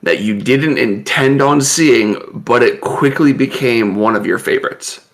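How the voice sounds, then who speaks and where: Podcast dude with a gravelly voice, rambling stories, keeps cracking up. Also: male voice, mid-range voice, a little slow. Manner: rambling, laughs often mid-story. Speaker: podcast co-host. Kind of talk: casual storytelling chat.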